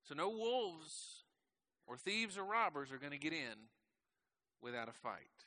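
A pastor preaching a sermon in a conversational way, often asking his listeners questions and letting his voice slow and soften at the ends of phrases. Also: a little high, big pitch swings. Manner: conversational, asks the congregation questions; slows and drops softly at the ends of phrases.

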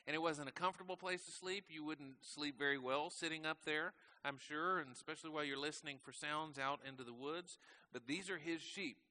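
Bright-voiced man preaching a sermon. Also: on the high side. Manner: conversational, asks the congregation questions; slows and drops softly at the ends of phrases. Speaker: pastor.

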